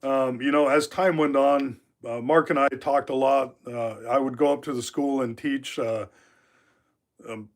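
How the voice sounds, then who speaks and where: Speaking a little slowly in a mid-range voice with fairly flat intonation, a man in his fifties streams live from a knife workshop. The Alaskan host tells loose, casual stories that wander and fill up with filler words.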